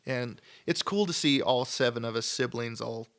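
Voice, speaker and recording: A man's voice: mid-range voice, normal speed, fairly bright tone. A man from Idaho, a sculptor telling stories on a podcast in a rambling, enthusiastic way, full of "like" and quoted back-and-forth. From Idaho, USA. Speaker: guest sculptor. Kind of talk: casual podcast storytelling. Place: podcast studio.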